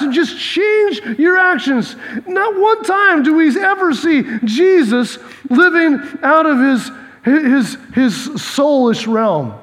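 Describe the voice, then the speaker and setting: A male pastor preaching an animated sermon, often repeating words and acting out dialogue. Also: extremely high pitch. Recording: long reverb of a large hall.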